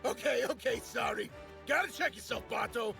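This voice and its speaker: An actor voicing a brash, crude, excitable young male pirate with a New York accent in an anime dub, shouting and boasting. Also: very high voice, gravelly, full character voice. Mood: giddy. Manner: shouty, boastful, quickly checks himself. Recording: anime clip with loud music behind.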